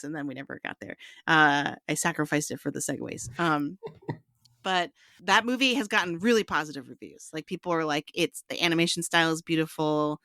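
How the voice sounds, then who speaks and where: A woman co-hosting a relaxed podcast conversation. Her voice sits a little low but sounds bright and forward. She talks loosely and hedges often, with plenty of filler words. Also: brisk, no echo, clean studio sound. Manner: chatty, hedging, full of "like" and "um". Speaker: podcast co-host. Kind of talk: casual chat.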